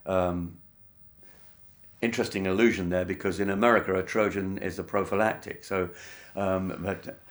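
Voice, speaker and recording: A man recounting a story in a documentary interview, measured and wry, with lots of "uh" fillers. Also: deep voice, steady tone. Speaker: interviewee, musician.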